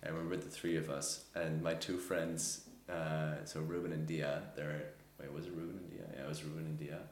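A man's voice: extremely low pitch, little pitch movement, normal speed, reverberant, slight background noise. A man co-hosting a podcast, telling a rambling story in casual chat and laughing often. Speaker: podcast co-host.

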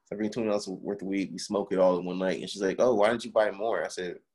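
A man's voice: low voice, steady tone, very fast, darkish tone, breathy edge. A young man in casual chat, animatedly telling a story, swearing and acting out the quotes.

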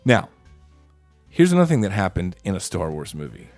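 A man's voice: deep voice, sing-song, fairly quick, a little mellow, faint music behind. A man co-hosting a podcast, arguing hard about a movie in casual, profane rants. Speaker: podcast co-host. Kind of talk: casual heated movie debate.

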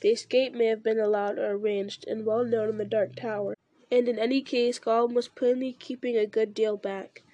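Woman reading a book aloud, higher voice, mellow and dry, little stumbles now and then. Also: moderate pace, dry recording, dull audio. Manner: steady, occasional slips and restarts. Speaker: reader.

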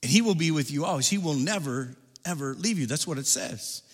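A man preaching a sermon as pastor, building through repeated phrases and dropping his voice low to press a point. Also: lively intonation, brisk, breathy edge. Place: church sanctuary. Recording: hall reverb from a church.

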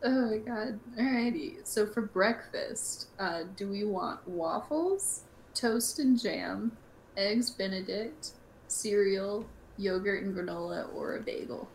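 A young woman hosting a casual podcast, talking in an animated, chatty way with lots of fillers. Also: mid-range voice, slow, slight background noise. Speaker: podcast host.

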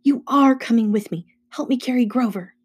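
A woman's voice: on the high side, normal speed, a little mellow, slightly rough, pitched above the performer's own voice. A woman reading an audiobook aloud, voicing a desperate, stubborn young boy with a raised, urgent voice. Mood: insistent.

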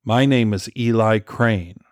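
A man voicing an older male rebel leader speaking calmly and smugly over a video call, in an audiobook. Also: fairly low pitch, takes it slowly, no echo, clean studio sound.

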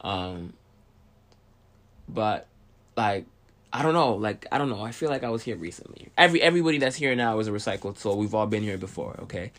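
A man's voice: lowish voice, a bit bright. A young man talking casually to camera in a rambling, profane monologue, often checking in with "okay?", and short of breath. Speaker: video host.

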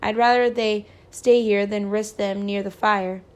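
A woman's voice: medium pitch, steady tone, measured pace, natural voice. A woman reading aloud voices a stern, protective rural mother who gives firm, urgent orders.

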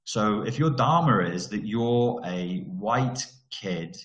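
A man's voice: lowish voice, lively intonation, slow, highs cut off. Blunt, sweary man ranting. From Merseyside, England. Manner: sweary, blunt, sarcastic, drops into mocking voices. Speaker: vlogger. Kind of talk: ranting monologue. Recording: roomy echo.

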